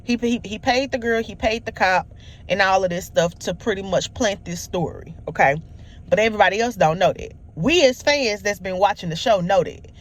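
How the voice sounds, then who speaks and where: A woman talks through a TV episode in a loose, rambling recap, restarting her sentences and slipping into the characters' lines as she goes. Her voice sits at an ordinary pitch. A faint hum of background noise runs under her. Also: normal speed. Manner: rambling, many restarts and fillers, acts out quotes. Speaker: TV show reviewer.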